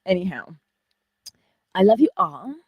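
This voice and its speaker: Husky-voiced woman hosting an inspirational livestream. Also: mid-range voice, big pitch swings, a little slow. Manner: playful, drops often into whispers and laughs; chatty, greets viewers by name. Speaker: livestream host.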